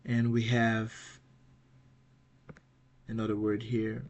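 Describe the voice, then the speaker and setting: A man teaching an online language lesson. He often restarts and repeats words, and he says example words loudly twice. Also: fairly low pitch, completely flat delivery, muffled recording. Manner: halting, restarts and repeats words while explaining.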